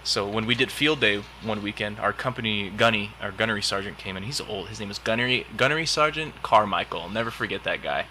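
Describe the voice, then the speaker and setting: A young man chatting casually on a podcast, telling stories in an animated, profane way and laughing often. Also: fairly low pitch, quick pace, few pauses, a little hiss or hum. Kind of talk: casual chat, storytelling.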